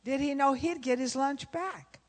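A woman with a fairly high voice preaches with animated storytelling, acting out both sides of a conversation and laughing as she goes. Her voice carries a long reverb, as if recorded in a large hall. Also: unhurried. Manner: animated, acts out dialogue, laughs often. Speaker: pastor's wife and preacher. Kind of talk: sermon with storytelling.

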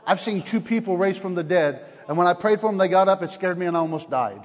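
A man preaching as an evangelist at a church service, energetic and laughing often, swinging between shouts and hushed tones. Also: sits high, fast talker. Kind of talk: revival sermon. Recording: long hall reverb.

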